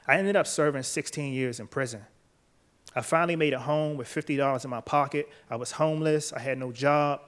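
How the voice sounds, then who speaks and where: An earnest man speaks at a middle pitch, measured and steady. His voice drops quiet when the story turns heavy, and he tells it like a talk given on a stage. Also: smooth. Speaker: author and speaker. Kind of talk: personal storytelling talk, then interview answers. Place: event stage before a live audience.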